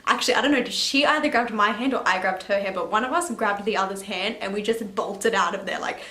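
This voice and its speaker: A young woman in her late teens telling a story to camera in a chatty, animated way, laughing and swearing casually. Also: mid-range voice, fast, reverberant. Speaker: vlogger. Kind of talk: story time chat.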